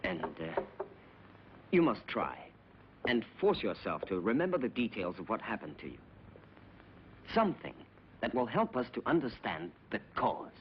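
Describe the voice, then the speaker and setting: An actor playing a gentle, concerned doctor in dubbed film dialogue, reassuring in manner. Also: male voice, lowish voice, wildly swooping pitch, normal speed, long pauses, a little hiss or hum. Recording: dull old film soundtrack.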